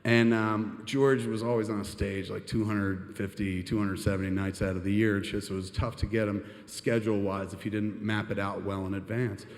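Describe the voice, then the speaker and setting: A man's voice: on the low side, flat delivery, normal speed, few pauses. A man telling a long story on stage into a microphone, rambling and swearing casually. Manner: rambling, profane, peppered with "and shit". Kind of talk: live storytelling. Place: stage in a venue. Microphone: handheld microphone. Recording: hall reverb.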